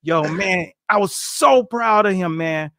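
Man, middle-aged, lively storyteller, high voice, dry close sound. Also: slow, no echo. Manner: animated, acts out quotes, laughs often. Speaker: boxing coach, guest. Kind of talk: storytelling in casual interview.

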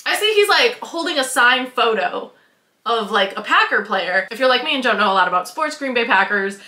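A woman's voice: fairly high pitch, expressive, fairly quick, bright, forceful tone, reverberant, a little hiss or hum. A young woman from Wisconsin telling a story to her vlog, bubbly and giggly, full of "like" and acted-out quotes. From Wisconsin, USA. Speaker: vlogger. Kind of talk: casual storytelling.

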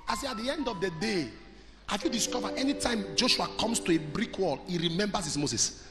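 A Nigerian-accented male preacher with a high, very lively voice that leaps from shouting to near-murmuring. His sermon rings through a big hall with a long echo, and music plays underneath. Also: a little fast. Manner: swings from shouting to soft storytelling, asks the crowd questions. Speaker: pastor. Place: church hall. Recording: large hall with reverb and music behind.

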